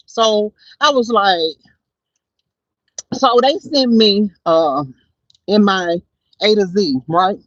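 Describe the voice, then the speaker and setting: A woman hosting a casual livestream from her car, chatting and telling stories to viewers in an animated way. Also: mid-range voice, no room sound, lo-fi sound. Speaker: livestream host. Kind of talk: casual livestream chat while driving. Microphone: phone.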